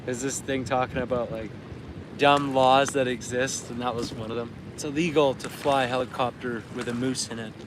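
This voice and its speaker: A man's voice: medium pitch, steady tone, moderate pace, background noise. A Canadian man chatting casually on a live stream while fishing outdoors. He laughs often and tells anecdotes. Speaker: livestream host.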